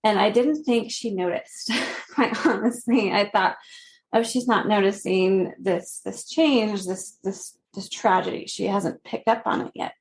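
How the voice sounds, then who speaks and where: Slow earnest woman guest. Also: medium pitch. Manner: slow, earnest, laughing softly between phrases. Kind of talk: personal story in a podcast interview.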